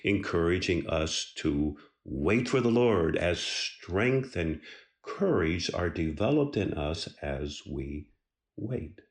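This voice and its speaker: A man preaching a sermon in an earnest, unhurried way, stressing key words. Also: low voice. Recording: echoey room.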